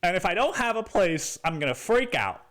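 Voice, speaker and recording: A man voicing his worked-up adult brother, whiny and insistent, in a higher, louder voice. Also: very animated, normal speed. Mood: anxious.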